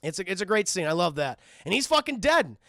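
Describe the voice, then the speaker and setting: A young man giving a casual, excitable and profane film review on a live stream, acting out the scenes. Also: sits high, fast talker, no echo.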